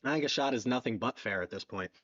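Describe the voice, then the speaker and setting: Philly-male stream host, excitable, repeats lines, slightly muffled audio. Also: mid-range voice, fast. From southeastern Pennsylvania. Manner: excitable, repeats himself, reads donations aloud. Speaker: livestream fundraiser host. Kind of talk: live stream chat.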